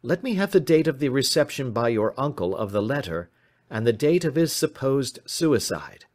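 A man voicing a composed male detective who asks crisp, precise questions. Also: mid-range voice, big pitch swings, normal speed, a little mellow.

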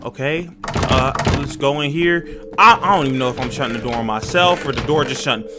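A young man giving jumpy, excitable, slang-filled commentary while playing a horror game and talking to his viewers. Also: medium pitch, brisk, very noisy. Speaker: gaming YouTuber.

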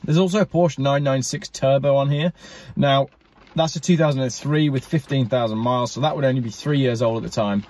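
A man's voice: medium pitch, fairly even intonation, a little fast, a little mellow. A man hosting a car channel, chatting casually and enthusiastically while speaking directly to viewers. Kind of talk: casual talk to camera.

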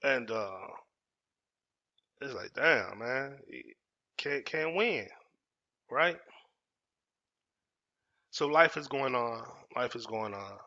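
Here a storytelling host in his 40s from Dallas, Texas, tells a personal story at a slow pace with long pauses, casual and emphatic, repeating phrases for effect. His medium-pitched voice is expressive, bright and forceful. The audio is dull lo-fi.

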